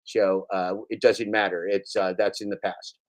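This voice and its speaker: A man's voice: sits low, flat delivery, moderate pace. A man hosting a live stream, ranting sarcastically in rambling commentary. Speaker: streamer host.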